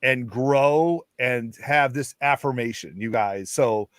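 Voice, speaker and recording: A man co-hosting a casual podcast, chiming in with quick agreement and earnest comments. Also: mid-range voice, a bit bright, dry recording. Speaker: podcast co-host. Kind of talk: casual chat.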